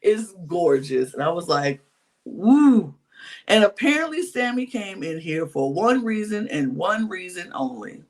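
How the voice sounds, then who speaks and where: A man with a slightly raised pitch tells reality-show gossip as a podcast co-host. He talks in an animated, chatty way and drops into casual slang. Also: moderate pace, few pauses. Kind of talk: casual reality-TV recap chat.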